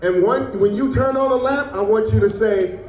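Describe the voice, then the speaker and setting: High-voiced man leading a school assembly. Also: moderate pace, roomy sound, recorded from a distance, highs cut off, slight background noise. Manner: playful, coaxing, invites kids to repeat after him. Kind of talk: lively call-and-response with children.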